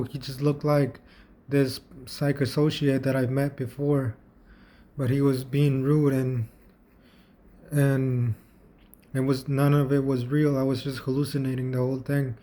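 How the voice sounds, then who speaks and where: With a warm, medium-pitched voice, a man tells a story about himself on his vlog. He talks casually but haltingly, restarting often and repeating words.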